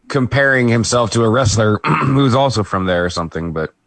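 A man co-hosting a podcast, giving a relaxed play-by-play recap of a wrestling match with light laughs. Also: medium pitch, a little fast, creaky, no echo. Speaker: podcast co-host.

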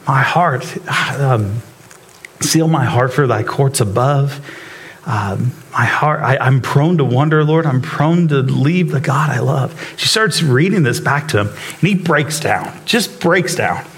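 A man with a medium-pitched voice preaches a sermon at a measured pace in a church sanctuary before a live congregation. His delivery is casual and off-the-cuff, full of fillers and restarts, and he grows emotional while telling a story.

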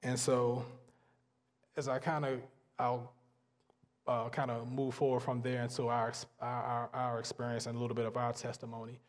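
A man preaching a sermon, earnest and emphatic, pausing and repeating phrases to drive points home. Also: mid-range voice, flat delivery. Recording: long hall reverb.

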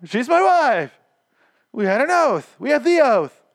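A man mocking a shrill panicky guy. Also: very animated, a little slow, vocal fry, heavily acted. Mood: whiny. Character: panicking, whiny grown man fleeing zombies.

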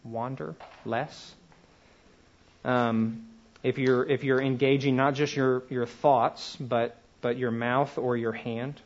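A man's voice: mid-range voice, fairly even intonation, dull audio. Man giving a conversational lecture. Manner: conversational, slows to emphasize words one at a time. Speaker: teacher. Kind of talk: classroom lecture.

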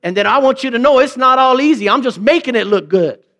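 A man's voice: very high voice, expressive, fast talker, a bit bright. A man preaching a sermon in a conversational way, asking rhetorical questions and acting out quoted remarks in mock voices. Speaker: pastor.

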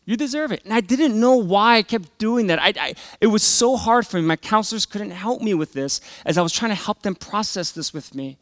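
A man's voice: sits high, a little fast, few pauses, no echo. Earnest man telling his story, dry close sound. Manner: earnest, emotional storytelling that swings from loud to hushed. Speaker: pastor. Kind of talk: sermon testimony.

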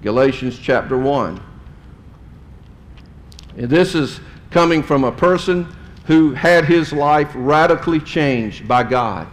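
A middle-aged man preaching a sermon to his congregation, speaking emphatically and swelling louder and higher on key points. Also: lively intonation, slow. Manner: addresses the congregation directly. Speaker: pastor. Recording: long hall reverb.

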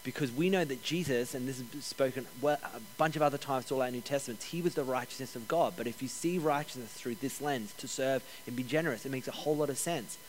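A man preaching a sermon as pastor, energetic, repeating key phrases and joking with the congregation. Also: mid-range voice, fast talker, hardly any pauses, slight background noise. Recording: long hall reverb.

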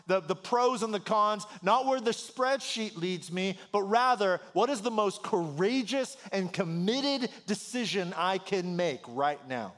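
Animated high-voiced pastor preaching. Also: male voice. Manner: conversational, animated storytelling with rising emphasis. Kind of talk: sermon.

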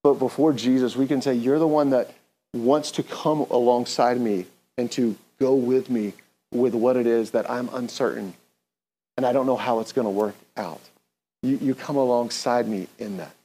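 A man's voice: mid-range voice, fairly even intonation, normal speed, mellow. A man preaching an earnest, conversational sermon, leading the congregation in call-and-response. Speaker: pastor.

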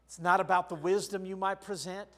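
An older male pastor preaching a sermon, telling a personal story with sharp shifts between quiet and loud. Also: sits high, fairly even intonation, brisk. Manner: storytelling, with big swings of loudness.

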